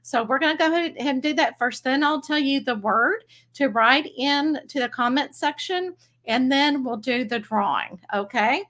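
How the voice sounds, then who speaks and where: A woman's voice: high voice, moderate pace, fairly bright tone. A woman with a Texas accent hosting a casual psychic livestream, chatty and bubbly, laughing easily as she greets viewers by name. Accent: Texan. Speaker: psychic medium livestream host.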